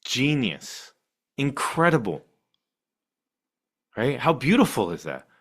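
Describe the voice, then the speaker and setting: A middle-aged man teaching a meditation class, animated and laughing often, with playful asides. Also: mid-range voice, slow pace, husky.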